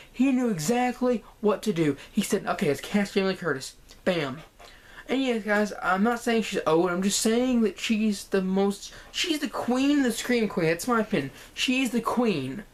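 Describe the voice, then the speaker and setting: A woman vlogging a casual, excited TV show review, rambling and repeating herself. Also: mid-range voice, a little hiss or hum. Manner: enthusiastic, rambling, repeats "guys" and "freaking".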